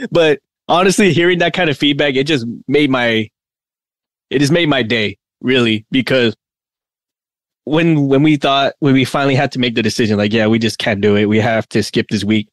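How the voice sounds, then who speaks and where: A man's voice: mid-range voice, moderate pace, dry recording. Giggly man chatting on a podcast, dry sound. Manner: laughs often, rambling with restarts. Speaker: podcast co-host. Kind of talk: casual podcast chat.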